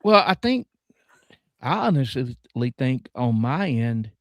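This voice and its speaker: A man's voice: mid-range voice, big pitch swings, slow, no room sound. Southern guy chatting as a guest, rambly, lots of fillers, careful words, dry sound. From American South. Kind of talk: casual chat.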